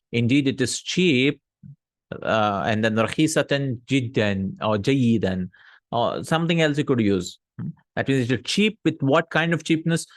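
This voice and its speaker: A man teaching a recorded Arabic grammar lesson, reading example sentences aloud, translating them, and checking in with quick "hmm?" and "no?" asides. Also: medium pitch, no room sound. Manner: explanatory, checks in with frequent "hmm?" and "no?".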